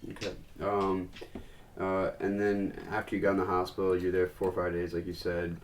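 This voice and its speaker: Low-voiced guy interviewing someone, kinda stumbles through his questions, a little hiss behind. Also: monotone, normal speed. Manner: hesitant questions with many ums and restarts.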